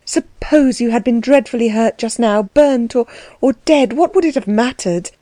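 A woman reading the lines of a tender, weary young aunt in an audiobook, soft and pleading in her speech. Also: a little high, normal speed, dry recording, voice pushed up, lightly acted.

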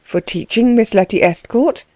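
A woman voicing a composed aristocratic landowner, speaking in a measured, coolly condescending way. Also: a little high, darkish tone, dry recording, close to an everyday voice. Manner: cool, measured, dry.

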